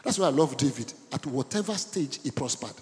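A middle-aged man, preaching a sermon in animated bursts and asking the congregation questions. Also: brisk. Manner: animated preaching with sudden high bursts and call-and-response questions. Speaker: pastor. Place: church hall. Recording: church hall with long reverb.

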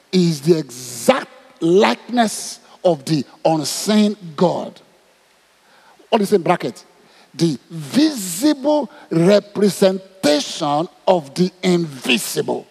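Nigerian guy preaching, husky voice, big echo in the church hall. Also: a little high, unhurried. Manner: animated, asks the crowd questions. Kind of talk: sermon to a congregation. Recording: long hall reverb.

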